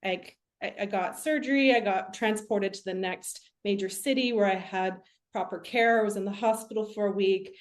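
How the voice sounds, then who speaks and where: A woman's voice: mid-range voice, moderate pace, hardly any pauses. A young woman, a medium, telling her own story as an interview guest in an earnest, reflective way with many fillers.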